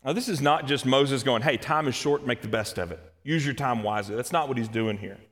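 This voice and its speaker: A man preaching a sermon, swinging between hushed, slow scripture reading and loud, urgent outbursts. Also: mid-range voice, in a large hall. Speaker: pastor.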